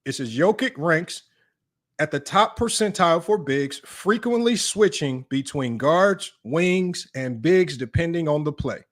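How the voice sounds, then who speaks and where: Combative high-voiced sports debate host. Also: male voice, animated, measured pace. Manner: combative, mocking, reads data aloud then taunts critics. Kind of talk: reading stats and ranting to viewers.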